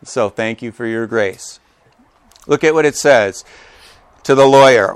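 A man preaching a sermon to his congregation. He is animated and joking, and acts out quotes with big jumps in pitch. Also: measured pace, clean tone, no room sound. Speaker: pastor. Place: church gathering with a live congregation.

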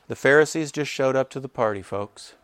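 A man preaching a sermon, animated, acting out the characters in quoted voices as he tells the story. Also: medium pitch, normal speed, clear, resonant tone, dry recording. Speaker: pastor.

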